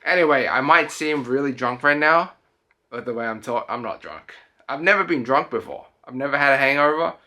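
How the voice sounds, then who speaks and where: Young man, tipsy and worn out, rambling and self-interrupting, lively swooping pitch, bright voice. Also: brisk. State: tipsy and tired. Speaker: travel vlogger. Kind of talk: casual late-night vlog chat.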